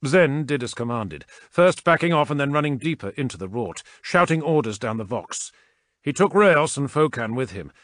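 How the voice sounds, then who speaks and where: A man narrating an action audiobook in a dramatic, expressive reading. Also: medium pitch, moderate pace, no echo, clean studio sound. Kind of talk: scripted narration.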